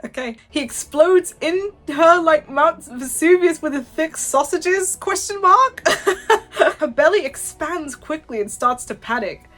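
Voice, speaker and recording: A woman's voice: sits high, animated, a little slow, a bit bright. A woman hosting her channel, reading fanfiction aloud casually and often breaking into laughter. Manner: giggly, keeps breaking into laughter.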